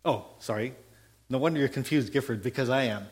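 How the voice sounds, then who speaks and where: A man's voice: medium pitch, fairly quick, a little hiss or hum. A man preaching a sermon, telling a Bible story in a folksy way, acting out the dialogue and checking in with his listeners. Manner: animated storytelling, acts out biblical dialogue; folksy asides and repeated "okay?". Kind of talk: sermon with slides.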